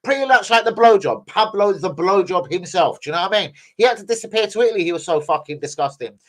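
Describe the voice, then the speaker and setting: A man's voice: high-pitched, fast. Sweary man ranting about football. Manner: sweary, animated, keeps saying "bruv" and "do you know what I mean". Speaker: football fan channel host. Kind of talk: ranting casual commentary.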